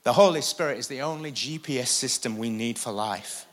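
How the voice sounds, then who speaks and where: A pastor delivering a sermon from a church stage, preaching with animated emphasis and occasional jokes. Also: male voice, medium pitch, a little fast.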